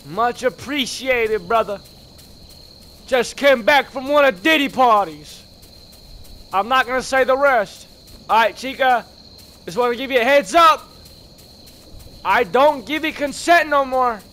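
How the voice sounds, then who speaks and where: Male gameplay commentator, high and hoarse, excitable, slang-heavy, with a slight background hiss. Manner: excitable, slangy, shouts at scares then mutters. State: hoarse, voice worn from screaming. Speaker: gaming video creator.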